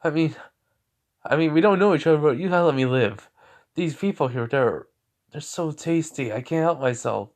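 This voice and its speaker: A man's voice: moderate pace, lightly acted. A man voicing a cowardly male lizard-snake demon who stammers and pleads. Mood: panicky pleading. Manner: stammering, pleading, high-strung. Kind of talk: storytelling with voiced characters.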